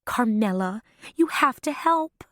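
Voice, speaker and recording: A woman narrator voicing a tearful, genteel Southern woman in her fifties who speaks in a high, slow, pleading way in an audiobook. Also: big pitch swings, fairly bright tone, dry recording, clean studio sound, full character voice. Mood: anguished. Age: 50s.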